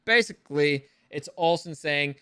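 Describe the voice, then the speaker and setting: Guy rambling about news, swearing a lot, crisp clear voice, dry room. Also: on the high side, moderate pace, sharp tone, dry recording. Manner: rambling, swears freely, laughs at own jokes. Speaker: entertainment news vlogger. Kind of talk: casual commentary.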